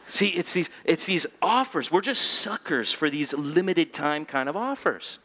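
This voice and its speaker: A male pastor giving a sermon in church, joking and animated, asking the room rhetorical questions. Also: on the high side, unhurried, slight background noise.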